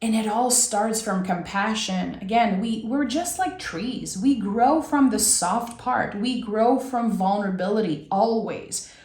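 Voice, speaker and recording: A woman with a French accent gives a soulful tarot reading, unhurried and reflective, breaking into restarts and a giggly lightness. Her mid-pitched voice carries in a roomy, echoing space. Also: a little mellow. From France. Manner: giggly, talks with many restarts. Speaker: tarot reader.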